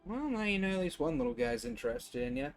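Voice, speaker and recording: A man in a tabletop role-play, animated and quick to laugh, cursing freely as he narrates and speaks in character. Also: on the high side, faint music behind. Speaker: tabletop player.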